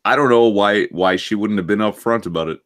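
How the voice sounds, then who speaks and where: Low-voiced Canadian man chatting. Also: a bit bright. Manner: halting, repeats words as he starts. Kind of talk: casual podcast chat.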